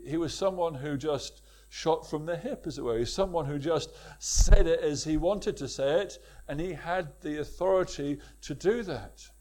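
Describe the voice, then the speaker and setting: A man's voice: fairly high pitch, moderate pace, few pauses, darkish tone. A man preaching a sermon with emphatic repetition and rhetorical questions to his congregation.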